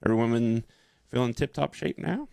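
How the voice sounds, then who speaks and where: A man hosts a loose, chatty podcast with a very gravelly, fry-heavy voice that is worn rough by a cold. His pitch jumps around a lot as he laughs and talks. The mic is close and dry. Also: normal speed, no room sound. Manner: laughs often, relaxed and chatty. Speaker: podcast host. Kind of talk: casual chat.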